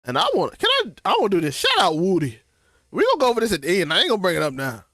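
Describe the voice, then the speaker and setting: A man's voice: high voice, wildly swooping pitch, very fast, fairly bright tone, no echo, clean studio sound. A young man, co-hosting a casual TV recap chat, talking loosely with slang and restarts. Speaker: co-host of a TV recap show.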